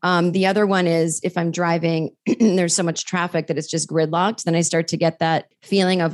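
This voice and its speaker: Woman, podcast guest, comedian, lively storyteller, acts out quotes. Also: on the low side, normal speed, few pauses. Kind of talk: casual podcast chat.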